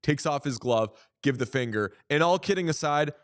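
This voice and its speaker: A man co-hosting a sports podcast in casual chat, telling stories with lively acted-out quotes. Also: on the high side, normal speed. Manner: animated storyteller, acts out quotes. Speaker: podcast co-host.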